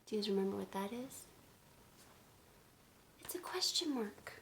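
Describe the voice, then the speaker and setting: A woman teacher speaking gently to children in a video lesson, recorded on a phone. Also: mid-range voice, expressive. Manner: slow, gentle, explaining to kids. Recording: phone video with faint noise.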